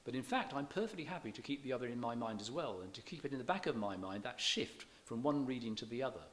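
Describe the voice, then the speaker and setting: In a church hall, a man with an animated, mid-range voice delivers a public lecture on poetry. He stays measured and scholarly, slowing to read verse with emphasized beats, and occasionally begins his words again.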